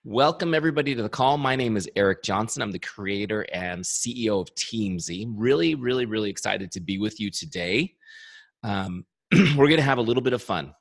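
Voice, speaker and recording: A man who founded a software company leads an upbeat training webinar, speaking enthusiastically and repeating his key points in an early-morning voice. It is fairly low, gravelly, animated and a little fast, with no room sound.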